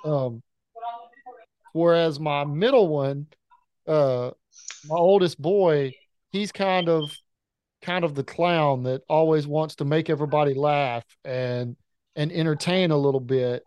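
A man in his thirties, a podcast co-host telling rambling, animated stories about his kids in casual chat. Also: a little high, slow pace, pauses often, clean tone, dry recording.

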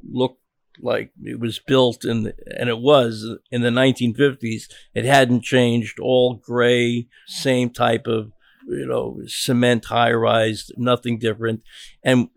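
An older American man, a journalist, telling a long story in an interview, often halting and repeating words as he restarts. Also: medium pitch, creaky, dry recording, clean studio sound. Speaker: journalist guest.

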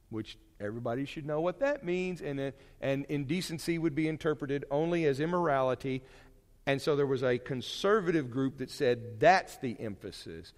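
A man preaching a sermon to his congregation in a conversational, animated way, with homely asides and jokes. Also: on the high side, long reverb tail. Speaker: pastor. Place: church sanctuary.

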